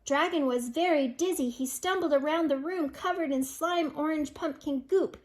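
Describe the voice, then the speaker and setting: A woman's voice: high-pitched, normal speed. An older woman reading a picture book aloud to children, amused and breaking in with chatty asides. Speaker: storyteller.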